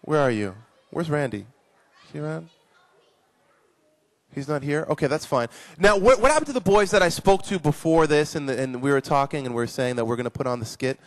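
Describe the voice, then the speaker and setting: A man teaching children at a live conference session, animated and playful, praising his young volunteers. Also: a little high, brisk. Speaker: children's ministry speaker.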